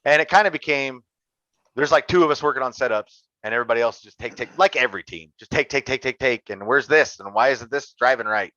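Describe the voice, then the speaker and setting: A man's voice: mid-range voice, quick pace, sharp tone, no room sound. A man, a podcast guest chatting casually, blunt and joking with folksy grammar. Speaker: podcast guest, sim racer. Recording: dry, dull lo-fi sound.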